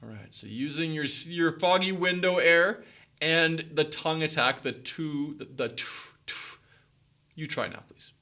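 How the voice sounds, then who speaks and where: A man teaching children the basics of the recorder, giving clear step-by-step instructions and frequent encouraging praise. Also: a little high, unhurried, bright, forceful tone. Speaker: music teacher.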